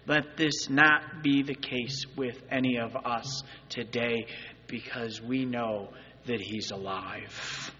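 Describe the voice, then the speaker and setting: A male pastor giving an Easter sermon, moving between loud, urgent appeals and quiet, earnest asides. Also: medium pitch, steady tone, slow pace, big-room sound, highs cut off, slight background noise. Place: church sanctuary.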